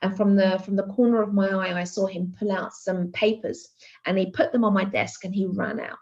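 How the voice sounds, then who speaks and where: Woman art teacher telling a story at a conference, lively voice going up and down, kinda dull lo-fi sound. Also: medium pitch, normal speed. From Greece. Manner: animated anecdotal telling with many fillers and restarts. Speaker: keynote speaker, art teacher.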